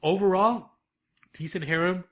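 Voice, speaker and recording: Guy on a podcast, bright higher voice, laughs a lot while he recaps shows. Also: unhurried. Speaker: podcast co-host. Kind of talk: casual chat reviewing anime.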